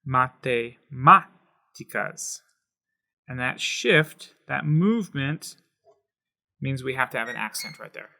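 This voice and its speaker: A man teaching a Spanish lesson, patiently explaining and slowing down to sound out words syllable by syllable. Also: mid-range voice, expressive, creaky, bright, forceful tone. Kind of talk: explaining at a whiteboard.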